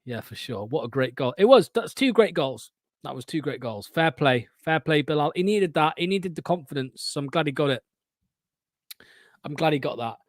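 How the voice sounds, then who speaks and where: Guy doing a fan watchalong, excitable, swears a lot, slightly high voice, dead dry mic. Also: normal speed, no room sound. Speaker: host of a fan watchalong stream. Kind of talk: live fan match commentary.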